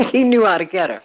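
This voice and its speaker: A woman's voice: mid-range voice, background noise. A woman hosting a morning talk radio show from a studio, chatty and exclamatory, often repeating her words.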